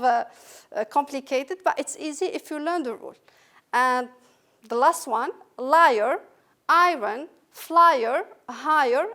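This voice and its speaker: High-voiced woman teaching English sounds. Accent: French. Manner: patient, repeats example words slowly and clearly. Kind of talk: recorded phonetics lesson.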